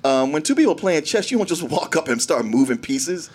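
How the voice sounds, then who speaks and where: A man's voice: on the high side, big pitch swings, fairly quick, a little mellow. A man co-hosting a casual movie chat, chiming in with jokes and laughing easily.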